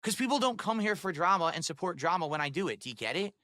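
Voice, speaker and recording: A man's voice: high voice, sing-song, fast talker, pushed and bright, no echo. A man ranting on a livestream in an aggrieved, profane way. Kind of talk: livestream rant.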